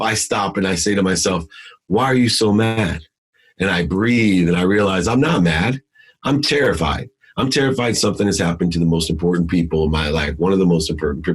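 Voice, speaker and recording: A middle-aged man speaks as a podcast guest with a low, husky voice. He tells a motivational story with intensity and emphasis. He swings between loud, forceful lines and hushed ones. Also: expressive, fairly quick.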